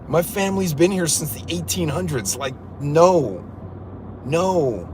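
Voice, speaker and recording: A middle-aged man hosting a casual livestream from a car, telling a story in an animated, incredulous way. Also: a little high, measured pace, slight background noise. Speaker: livestream host.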